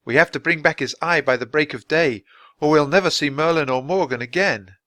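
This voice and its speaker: A man voicing a brave, protective young boy who shouts urgently in a read-aloud story. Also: a little high, fairly quick, dry recording.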